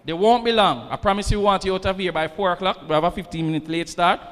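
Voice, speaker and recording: A man's voice: high voice, quick pace, fairly bright tone. A man, organizer giving a chatty, informal welcome to students at an event. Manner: chatty and informal, promises and jokes. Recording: reverberant hall, faint ambient noise.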